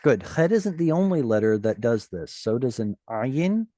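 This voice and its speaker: A man teaching a Hebrew grammar class over a video call, animated and encouraging, with playful asides. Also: medium pitch, moderate pace, dry recording.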